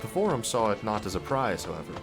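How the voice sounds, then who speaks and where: A man's voice: very animated, fast talker, over music. A man reading game dialogue aloud as an overworked male farm laborer, trying for an Irish or Scottish lilt. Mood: chatty. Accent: attempted Irish or Scottish lilt. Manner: louder, higher and brighter than his own voice.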